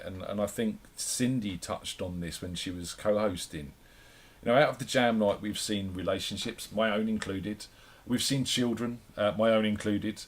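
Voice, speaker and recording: Middle-aged guy, kinda low voice, rambles on and repeats himself, swears casually. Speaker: guest musician. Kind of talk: casual radio interview chat.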